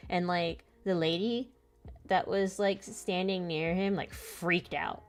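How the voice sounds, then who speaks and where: A woman's voice: on the low side, steady tone, measured pace, faint music behind. A young woman chatting casually while she draws, telling a travel story in a loose, rambling way and laughing often between sentences. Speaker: comic artist and channel host. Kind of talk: casual chat while drawing.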